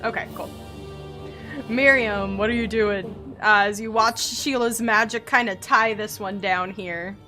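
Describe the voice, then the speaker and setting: A woman running a tabletop game as game master, describing the action vividly between quick rules checks. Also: medium pitch, steady tone, sharp tone, soft background music.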